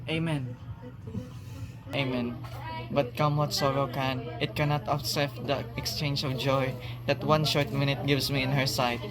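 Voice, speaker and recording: A man's voice: mid-range voice, level tone, unhurried, over music, lightly acted. A man playing an earnest young lover in a student stage play. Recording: noisy background.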